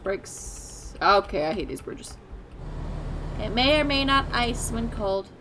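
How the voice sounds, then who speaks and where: A woman's voice: fairly high pitch, lively intonation, slow pace. A woman live-streaming a driving game, chatting casually and talking back to the traffic and her chat. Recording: clear vehicle noise from the game. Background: truck engine and road noise from the game.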